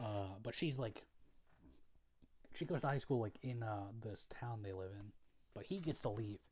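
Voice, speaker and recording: A young video creator recaps a story to the camera in a loose, laid-back way, rambling, swearing, and leaning heavily on fillers. His voice sits on the lower side, a little mellow, animated, and moving at a moderate pace.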